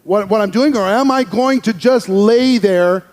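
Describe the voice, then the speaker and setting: A man telling a personal story in a lively speaking style, acting out the voices of the people in it. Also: high-pitched, measured pace, big-room sound. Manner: animated, acts out quoted voices. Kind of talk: storytelling speech.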